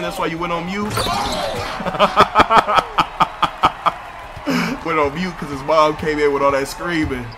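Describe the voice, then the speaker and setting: A man in live game voice chat, trash-talking and bossing his teammates around. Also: fairly high pitch. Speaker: gamer streamer.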